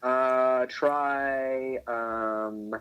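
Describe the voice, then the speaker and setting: A man's voice: medium pitch, steady tone, drawn-out words, clear, resonant tone, muffled recording. A man hosting a casual chat, laughing often and restarting his sentences. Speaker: host.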